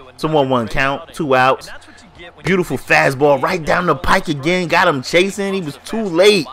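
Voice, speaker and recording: A man's voice: fairly high pitch, animated, moderate pace, a bit bright. Stuffy-nosed man hyping his own gameplay. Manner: hyped, slangy, talks to viewers. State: stuffy nose from allergies. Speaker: gaming YouTuber. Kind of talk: casual gameplay commentary.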